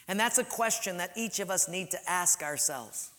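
Emphatic high-voiced male preacher. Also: animated. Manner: emphatic, swings from loud to soft, slows to stress points. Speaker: pastor. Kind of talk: sermon.

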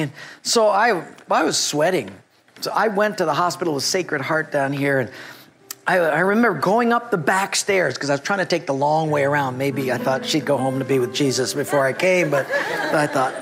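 A middle-aged man preaching a sermon, telling a personal story and acting out his own past thoughts with animated delivery. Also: on the high side, normal speed, a little hiss or hum. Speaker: pastor.

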